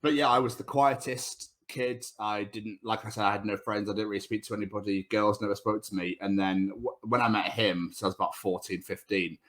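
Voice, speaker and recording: A man's voice: lowish voice, steady tone, a little fast, few pauses, a bit bright. A man in his thirties with a British accent, telling school stories as a podcast guest, laughing often and swearing freely. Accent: British English. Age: 30s. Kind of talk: casual podcast chat.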